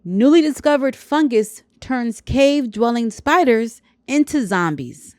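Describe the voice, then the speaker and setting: A woman's voice: fairly high pitch, animated, a little slow, few pauses, a little mellow, no room sound. A woman hosting a podcast, reading a science news story aloud and breaking off with dry, sarcastic asides. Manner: sarcastic, wry commentary. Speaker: podcast host.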